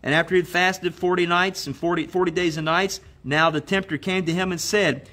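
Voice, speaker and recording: A man preaching a sermon, quoting scripture in slow, emphatic phrases and leading listeners in spoken declarations. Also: sits high, steady tone, bright, forceful tone. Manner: exhorting, leads the congregation in spoken declarations.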